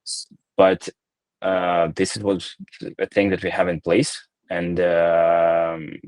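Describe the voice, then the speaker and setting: A company founder answering audience questions in a live Q&A, talking in a measured, hesitant way with many fillers and restarts. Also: male voice, deep voice, completely flat delivery, darkish tone, clear, resonant tone, no echo. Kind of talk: live Q&A session.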